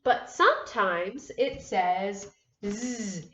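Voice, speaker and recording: A woman teaching a phonics lesson to first graders, speaking slowly and clearly, sounding out letters and praising answers. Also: medium pitch, pushed and bright, muffled recording. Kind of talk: phonics lesson for young children.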